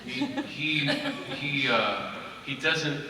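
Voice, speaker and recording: A man telling stories at a fan convention panel, lively and laughing, acting out quotes. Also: on the high side, extremely slow. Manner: animated, laughing, acts out quotes. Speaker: convention panel guest actor. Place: large convention hall. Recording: echoey hall from far off, noisy.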